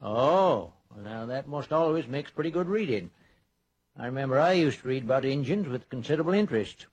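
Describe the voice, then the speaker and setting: A homespun older man in an old radio play, talking in an easygoing country drawl. His voice is a little husky, and the transcription sounds dull and lo-fi. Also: medium pitch, expressive, darkish tone. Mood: folksy. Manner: slow, folksy drawl. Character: folksy older man, Uncle Henry. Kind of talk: 1940s radio acting.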